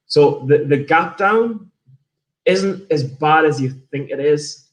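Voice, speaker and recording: A man's voice: fairly high pitch, expressive, slow. A man from England with an English accent, chatting casually on a livestream about his trades and reading out viewer messages. He rambles, swears freely and often restarts his sentences. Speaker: day trader streamer.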